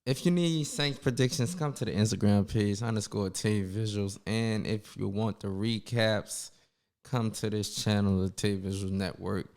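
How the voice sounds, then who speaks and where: A man's voice: on the low side, fairly even intonation, moderate pace, a little mellow. A man hosting a casual sports recap, talking loosely and calling viewers y'all, with his speech slightly slurred from a numb mouth after the dentist. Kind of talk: casual solo sports commentary.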